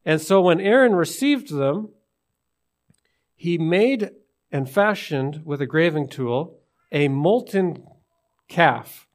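A man's voice: on the high side, lively intonation, slow, pauses often. A man preaching to his congregation, retelling a scripture story and asking listeners questions. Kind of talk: sermon.

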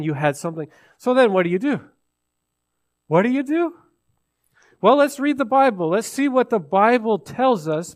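A man with a high voice preaches to his congregation. He keeps asking rhetorical questions, drops to a hush, then rises to loud emphasis. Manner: dramatic swings from hushed to loud, rhetorical questions. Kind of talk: sermon.

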